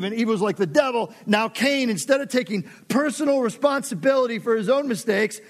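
High-voiced man preaching with passion. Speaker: pastor. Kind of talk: sermon.

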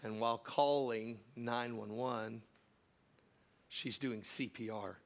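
A middle-aged man, a pastor, preaching a sermon through a personal story, swinging from loud laughing asides to hushed, slow moments. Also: medium pitch, fairly even intonation.

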